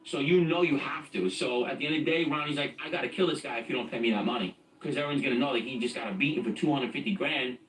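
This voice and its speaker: A man's voice: medium pitch, fast talker, hardly any pauses, fairly bright tone, slight background noise. A middle-aged man telling his own story as a guest in a blunt, streetwise and profane way. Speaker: guest recounting his past. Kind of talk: casual spoken storytelling. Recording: echoey, distant from the mic, faint music.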